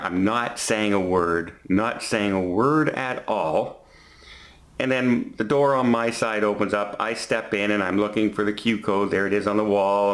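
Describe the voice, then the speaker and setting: A man's voice: lowish voice, fairly bright tone. A man in his fifties casually telling a story to camera from a hotel, walking through what happened step by step. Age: 50s. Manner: chatty, retelling an incident step by step. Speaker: vlogger.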